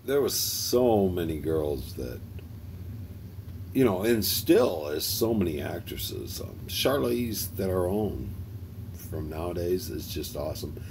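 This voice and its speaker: A man's voice: low-pitched, very animated, takes it slowly, gravelly, a little mellow, a little hiss or hum. An older man hosting a stream, chatting casually and rambling, laughing often and greeting viewers by name. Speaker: livestream host.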